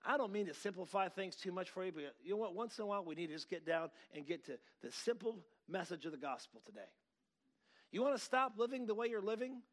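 A man preaching a sermon as pastor, telling stories in a loose, halting way and rising to emphatic, drawn-out proclamations. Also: high-pitched.

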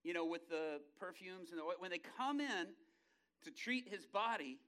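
A man preaching a sermon, telling stories dramatically and acting out the characters' voices, swinging from hushed low passages to loud excited bursts. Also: normal speed, smooth.

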